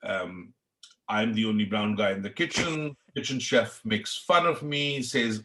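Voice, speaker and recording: A fairly low, fairly bright voice with lively intonation and a measured pace belongs to this middle-aged Indian chef. Guesting on a podcast, he tells his story in a reflective interview, earnest and passionate, with an Indian accent.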